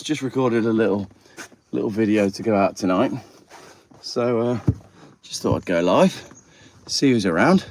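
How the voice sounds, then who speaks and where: A man chats on a phone livestream while he cleans his car outside. He rambles in a relaxed, friendly way, greets viewers as he works, and sits at a middling pitch. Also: slight background noise. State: a little out of breath. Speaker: channel host. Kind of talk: casual livestream chat.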